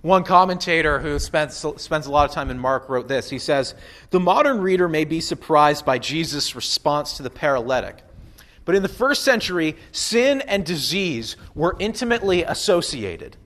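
A man's voice: a little high, expressive, normal speed, fairly bright tone. A man preaching a conversational sermon, walking through a Bible passage with casual asides and playful quoted voices. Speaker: pastor.

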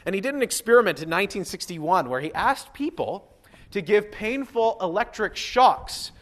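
A man preaching a sermon as a pastor, animated and acting out the voices of figures from the Bible. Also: sits high, normal speed.

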